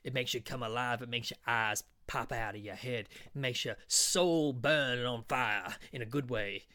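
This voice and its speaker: A man's voice: medium pitch, normal speed, bright, forceful tone, dry recording, close to an everyday voice. A man doing a shifty little street peddler, hobbling up with a wheedling, too-good-to-be-true sales patter. He keeps calling the listener sire, and the voice is dry and close with no room sound. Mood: wheedling pitch.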